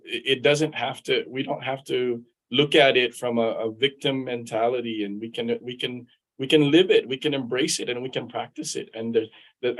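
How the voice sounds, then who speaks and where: In poor audio from a video call, a middle-aged man of medium pitch, an attorney and veteran from Guam, tells stories about his life during a live interview. His manner is conversational, and he tends to repeat words while thinking.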